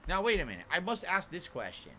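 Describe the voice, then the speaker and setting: Bright-voiced man musing while gaming. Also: high-pitched, wildly swooping pitch, quick pace, a little hiss or hum. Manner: musing, talks to himself while playing. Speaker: streamer playing a game. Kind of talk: let's-play commentary.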